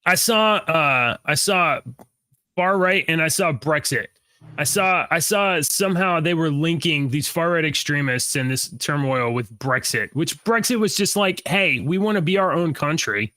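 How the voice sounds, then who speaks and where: A man's voice: on the high side, lively intonation, measured pace, sharp tone, no echo, clean studio sound. A man co-hosting a podcast in casual chat, rambling and restarting his sentences and laughing at his own jokes. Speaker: podcast co-host.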